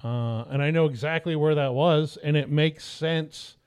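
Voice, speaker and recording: Animated man telling fishing stories. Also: fairly high pitch, measured pace, clean tone. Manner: animated storyteller, acts out others' voices. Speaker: podcast host. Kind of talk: casual fishing chat.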